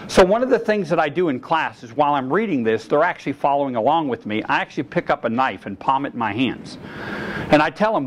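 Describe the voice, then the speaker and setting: A man's voice: medium pitch, lively intonation, fairly quick, slight background noise, rough recording. A middle-aged man, a firearms instructor, giving a seminar lecture and telling stories from his own experience. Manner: storyteller, acts out both sides of dialogue. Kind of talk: seminar lecture with personal anecdotes.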